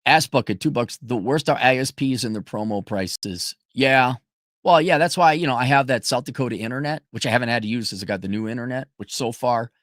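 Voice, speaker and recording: A man's voice: medium pitch, fairly quick, fairly bright tone, dry recording, clean studio sound. A man hosting a show, delivering a profane, sarcastic ranting monologue. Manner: sarcastic, swears a lot. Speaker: podcast host.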